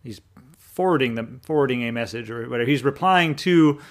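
A man's voice: medium pitch, brisk. A man in a casual scripture discussion, thinking aloud about the wording of a passage. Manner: thoughtful, reasons aloud over the wording with restarts.

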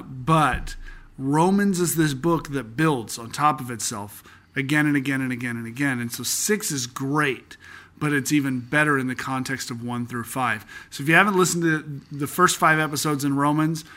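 A young man with a bright, forceful voice set a little high, hosting a casual Bible-study podcast. He talks earnestly and conversationally, then slows down to read scripture aloud. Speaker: podcast host teaching through a Bible book.

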